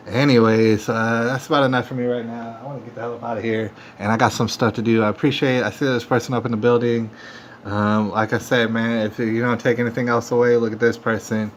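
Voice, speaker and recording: A man hosting a livestream, talking straight to viewers in a defiant, repetitive rant that keeps working itself up. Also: mid-range voice. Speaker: livestream host. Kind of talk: ranting monologue to viewers. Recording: dull lo-fi phone stream audio with faint noise.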